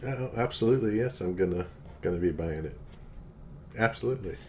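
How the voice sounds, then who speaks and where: A man's voice: on the low side, animated, a little fast, slight background noise. A man co-hosting a casual podcast, answering emphatically and agreeing readily. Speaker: podcast co-host. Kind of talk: casual chat.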